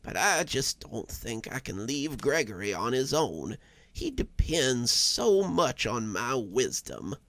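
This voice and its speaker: A man voicing a frail, sickly old widow in a storybook reading, speaking slowly in a raspy, wheezing voice. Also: medium pitch, sing-song, fairly bright tone, dry recording, heavily acted. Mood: soft. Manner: slow, drawn-out delivery. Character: frail, sickly old widow who runs a shop, stubborn and proud.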